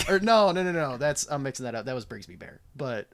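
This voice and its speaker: Young male co-host, loose and excitable, quick to laugh and curse. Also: medium pitch, creaky, slight background noise. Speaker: podcast co-host. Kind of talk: casual chat about movies.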